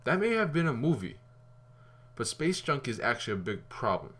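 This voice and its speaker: A man giving a casual spoken movie review, rambling and animated, with fillers and some swearing. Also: mid-range voice, moderate pace.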